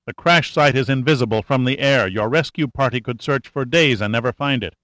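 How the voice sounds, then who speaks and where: A man's voice: mid-range voice, brisk, fairly bright tone, no room sound, lightly acted. A man reading an audiobook who voices an urgent, determined male military major, insistent and pressing.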